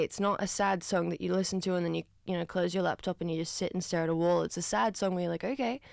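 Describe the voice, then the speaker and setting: A woman's voice: mid-range voice, creaky, clear, resonant tone, no echo, studio quality. A woman hosting breakfast radio, talking in a chatty, self-deprecating way full of rambling asides. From Australia. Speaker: radio host. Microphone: studio microphone.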